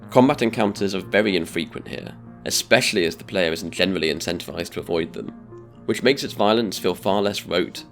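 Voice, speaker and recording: A man giving a scripted video-essay narration in a measured, deliberate way. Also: deep voice, gravelly, fairly bright tone, soft background music.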